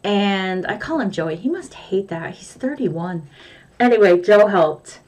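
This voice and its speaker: A woman's voice: medium pitch, lively intonation, measured pace, a little mellow. An older woman with grown children and a grandson, telling a rambling story to her viewers in casual, chatty vlog talk. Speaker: vlogger.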